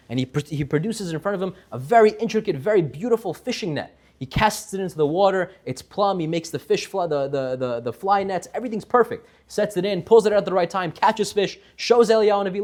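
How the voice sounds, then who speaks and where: A man giving a Torah class, telling a story with lively voices for its characters. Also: a little high, fast talker.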